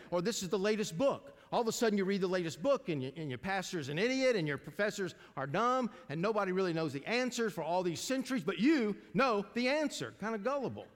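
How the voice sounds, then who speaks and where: An older male pastor delivers a folksy sermon, turning to the congregation with questions. His voice sits high for a man. The sound carries the long reverb of a large church hall.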